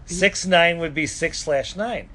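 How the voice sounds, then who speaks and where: Playful higher-voiced male co-host. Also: slow, sharp tone. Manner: jokey, playful, prone to singing and silly voices. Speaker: podcast co-host. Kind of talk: casual banter.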